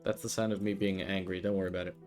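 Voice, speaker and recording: A man's voice: sits low, little pitch movement, rapid-fire, a little mellow, faint music behind. A man streaming a game, talking to himself in a grumbling, frustrated way. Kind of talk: casual gameplay commentary.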